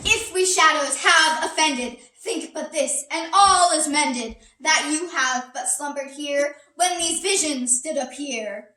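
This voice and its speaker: A playful sprite speaks verse in a high, bright voice, as a woman acts it out. She takes her time with each line. The sound is echoey and recorded from a distance. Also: slow pace, few pauses, heavily acted. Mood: wistful. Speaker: actor performing an epilogue. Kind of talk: theatrical verse speech. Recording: echoey room, distant mic.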